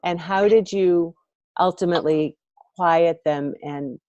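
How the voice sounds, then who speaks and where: A woman podcast host interviewing a guest, enthusiastic and animated as she mimics her own doubts. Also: on the low side, slow, no room sound, muffled recording. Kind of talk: conversational interview.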